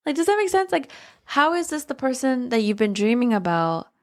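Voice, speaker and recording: A woman's voice: high voice, very animated, fairly quick. A young woman co-hosting a podcast in casual book-discussion chat, chatty and questioning, swearing casually. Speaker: podcast co-host.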